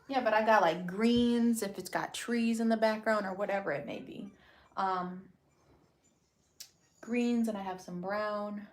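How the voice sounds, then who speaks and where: This craft vlogger and small shop owner talks unhurriedly in a medium-pitched, fairly level voice. She rambles casually through her home vlog, full of fillers and false starts.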